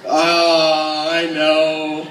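A man's voice: on the high side, monotone, very slow, fairly bright tone. A young man from Alaska doing his first stand-up set, nervous and self-deprecating, telling crude jokes. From Alaska, United States. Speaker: stand-up comedian. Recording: echoey room, voice far off.

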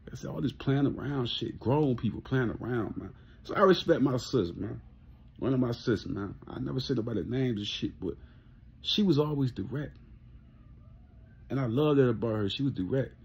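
Gravelly, husky man ranting bluntly. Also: medium pitch, a little mellow, dull audio. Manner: blunt, profane, repetitive, laughs often. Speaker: vlogger. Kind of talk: casual rant to camera.

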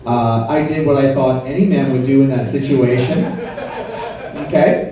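A man's voice: medium pitch, steady tone, normal speed. A man performing a stand-up comedy set at a club, crude and conversational, teasing the audience. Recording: roomy club sound from far off, crowd audible. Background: audience laughter.

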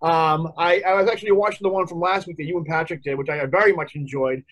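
A man's voice: on the high side, fairly even intonation, quick pace, fairly bright tone, dull audio. A man co-hosting a casual comics review show, rambling and chatty with frequent laughs. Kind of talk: casual podcast chat.

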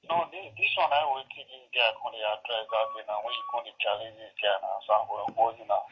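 A man's voice: fairly low pitch, fast talker, lo-fi sound, noisy background. A man from Edo State in Nigeria, with a Nigerian accent, calling in to a live video and pressing his point with repeated checks that he is understood. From Benin City, Edo State, Nigeria. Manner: insistent, keeps asking "you understand?". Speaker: caller. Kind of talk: phone-in opinion on a live video.

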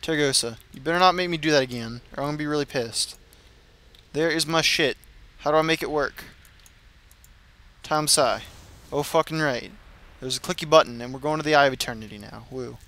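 Bright-voiced man cursing at a game. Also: fairly high pitch, fairly quick. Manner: frustrated, vulgar, trash-talking. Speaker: gamer. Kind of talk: profane gameplay commentary.

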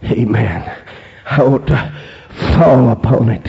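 Man preaching with sweeping, lively pitch. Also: slow, vocal fry, long pauses. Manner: punctuates phrases with "amen", swings between hushed storytelling and shouted climaxes. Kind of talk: holiness sermon. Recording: dull lo-fi sermon recording.

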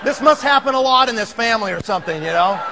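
A man telling a comic story to an audience, animated and laughing, acting out the scenes. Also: very high voice, fast, vocal fry, a little hiss or hum. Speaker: speaker.

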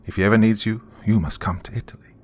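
A man's voice: fairly low pitch, fairly even intonation, fast talker, voice pushed up, natural voice. A man doing a commanding Italian necromancer. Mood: grave. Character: urgent Italian male necromancer.

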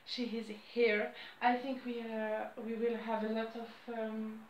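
Middle-aged woman vlogger, higher voice, slow and hesitant with lots of ums, echoey room, faint hiss. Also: monotone, dull audio. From New Caledonia. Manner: halting non-native English, many fillers. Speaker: crafting vlogger. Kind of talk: casual chat.

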